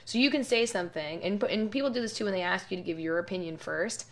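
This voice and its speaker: A woman's voice: mid-range voice, fast talker. A woman speaking as a podcast guest, giving her opinions articulately in casual conversation. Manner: opinionated, articulate, laughs easily.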